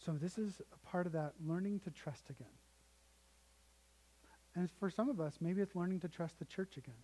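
A man's voice: high-pitched, normal speed, dark tone, rough recording. A young man preaching a sermon in a conversational storytelling way, often restarting sentences. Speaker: pastor.

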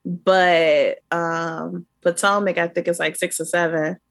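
A woman's voice: lowish voice, little pitch movement, slow, vocal fry, no room sound, clean studio sound. A woman co-hosting a podcast, recapping a reality show in a conversational, matter-of-fact way. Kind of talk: casual chat.

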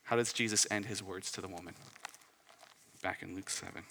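A young man preaching a sermon as pastor, rising to loud emphatic peaks and dropping to soft hushed asides. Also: low voice, fairly even intonation, a little fast, vocal fry, big-room sound, slight background noise.

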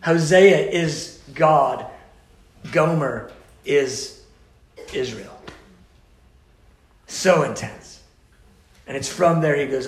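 A man teaching a sermon with passion, swinging between loud urgent pleading and hushed, intimate tones. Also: a little high, extremely slow, long pauses, echoey room. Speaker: preacher.

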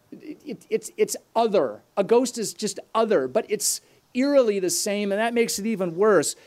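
Male preacher, high voice, earnest teaching tone with asides. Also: darkish tone. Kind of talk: sermon.

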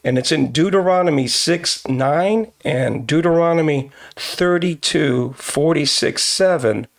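A pastor giving sermon-like teaching, emphatic and preacherly, repeating phrases for stress. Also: male voice, on the high side, vocal fry. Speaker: pastor and podcast host.

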